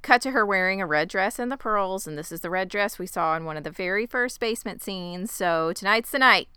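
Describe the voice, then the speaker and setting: Wry, bright-voiced woman recapping a show. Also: medium pitch, fairly quick, clean tone, no echo. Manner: wry, sarcastic storytelling, acting out lines. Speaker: podcast co-host recapping a show. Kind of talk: casual chat.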